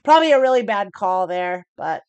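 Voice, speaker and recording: This dry recording captures a woman's brisk, expressive mid-range voice, a little mellow and clean in tone. An American streamer, she narrates her online poker game live and explains her moves casually. She's talkative and self-mocking, with frequent laughter and light swearing.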